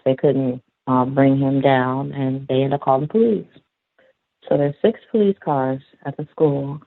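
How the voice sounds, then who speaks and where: A man calling in, telling a story from his school job in a rambling, halting way with many fillers. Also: medium pitch, no room sound. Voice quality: gravelly, husky. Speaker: caller, school aide. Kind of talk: casual storytelling. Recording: dry, tinny phone line.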